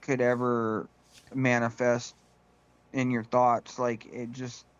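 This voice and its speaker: Guy rambling on a podcast, says like a lot, smooth voice, kinda dull lo-fi sound. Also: mid-range voice, level tone. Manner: rambling, halting, full of "like" and "you know". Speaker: podcast co-host. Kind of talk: casual political chat. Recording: slightly muffled lo-fi recording.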